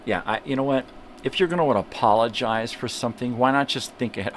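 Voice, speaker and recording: Here the older man's voice sits mid-range and moves fast, with slight background noise. He hosts his morning livestream from a home room with a fan going, ranting angrily, cursing often and mimicking people mockingly.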